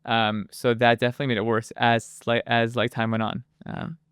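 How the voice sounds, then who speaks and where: A man talks as an interview guest, halting and stacked with fillers and restarts. His voice is very clear and resonant, held to a narrow, even pitch. The sound is dry and close, with no room around it. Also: no echo. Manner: hesitant, with many fillers and restarts. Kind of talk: casual interview talk. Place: moved to Israel as an adult.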